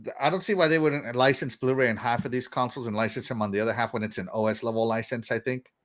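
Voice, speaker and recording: Rambling middle-aged Texan podcast host. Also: male voice, medium pitch, steady tone, fast talker. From Texas. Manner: rambling, laughs often. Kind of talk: casual chat, reading viewer comments.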